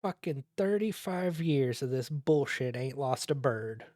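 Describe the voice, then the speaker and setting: Old male pilot in his sixties, blunt and profane, gruff temper, put on by the game master. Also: medium pitch, animated, measured pace, darkish tone, no room sound, clean studio sound, close to an everyday voice. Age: 60s. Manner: cursing, blunt, rough-spoken.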